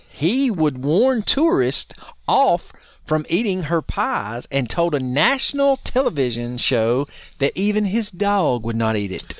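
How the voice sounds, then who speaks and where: A man's voice: fairly high pitch, very animated, a little slow, no echo. Amused man telling a story on a podcast. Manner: amused, storytelling, laughs often. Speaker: podcast host. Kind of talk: casual chat, reading story notes aloud.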